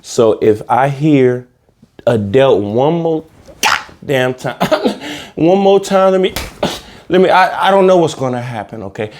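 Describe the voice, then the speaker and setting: A man's voice: medium pitch, animated, a little slow, a little mellow, slight background noise. A man hosting a comedy podcast, talking in a loose, slangy, repetitive casual monologue. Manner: loose, slangy, repeats himself for laughs. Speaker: podcast host.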